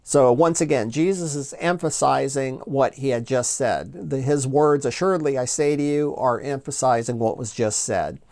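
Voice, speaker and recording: A man's voice: medium pitch, measured pace, creaky, hardly any pauses, darkish tone. Methodical man teaching a Bible lesson. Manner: methodical, repeats key points, reads quotes aloud. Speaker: Bible teacher and channel host. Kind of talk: scripted Bible study lecture.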